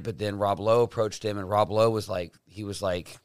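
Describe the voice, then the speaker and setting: Profane, animated man telling stories. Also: lowish voice, moderate pace, smooth, no room sound, studio quality. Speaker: podcast co-host. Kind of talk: casual chat.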